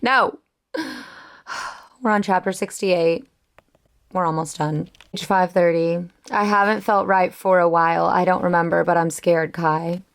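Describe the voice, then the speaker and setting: A woman's voice: lowish voice, a little slow. A young woman in her twenties chatting casually in a reading vlog, reacting dramatically and gushing about a book. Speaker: book vlogger.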